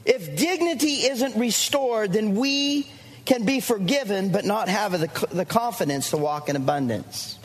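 A man's voice: high voice, animated, a little slow. A male pastor preaching a fervent sermon to his church, repeating lines and calling out to the congregation. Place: church sanctuary. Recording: long church reverb.

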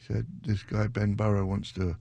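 This is a man in his 60s doing casual radio DJ banter between tracks, rambling, joking, and dropping into a sudden high shouting bit. His creaky voice shows little pitch movement at normal speed, recorded on a studio microphone with no echo and the highs cut off.

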